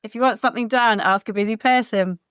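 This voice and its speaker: A woman's voice: on the high side, fairly even intonation, fast, a bit bright, clear, resonant tone, no room sound, studio quality. A woman hosting a podcast interview. She asks questions in a friendly, encouraging way with light teasing. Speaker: podcast host. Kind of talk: casual interview chat.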